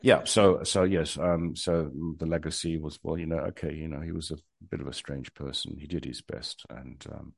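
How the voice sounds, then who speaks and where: Very deep gravelly older man. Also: steady tone, normal speed, hardly any pauses, no echo. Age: 60s. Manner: hesitant, many ums and restarts, wry humor. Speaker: guest. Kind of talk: reflective interview talk.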